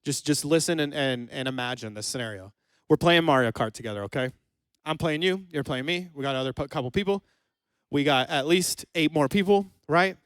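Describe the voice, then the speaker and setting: Playful youth preacher, high and resonant, riffs with the room. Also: male voice, fairly quick, a bit bright, clear, resonant tone, no echo, clean studio sound. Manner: playful, jokes with the crowd, acts out both sides of a scene. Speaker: youth pastor. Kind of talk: lively youth sermon. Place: church hall with a live audience.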